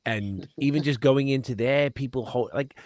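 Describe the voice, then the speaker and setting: A man's voice: mid-range voice, moderate pace, a little mellow, dry recording. A man hosting a beer podcast, chatting enthusiastically, swearing casually and restarting his sentences often. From from outside New York State. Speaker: podcast host.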